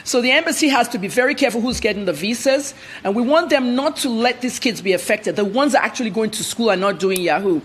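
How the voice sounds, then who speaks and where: Woman journalist guest on TV news, blunt and animated. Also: fairly high pitch, quick pace, few pauses, a little hiss or hum. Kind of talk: TV news interview.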